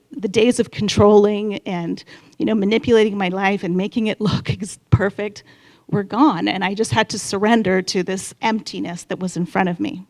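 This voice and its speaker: A woman's voice: mid-range voice, gravelly, darkish tone. A woman in her fifties telling a candid personal story on stage at a live event, chatty and acting out her own inner voice. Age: 50s.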